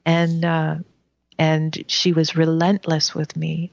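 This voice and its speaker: A woman telling a personal spiritual story in a soft, unhurried way during a conversation. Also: low voice, monotone, creaky, no room sound, lo-fi sound.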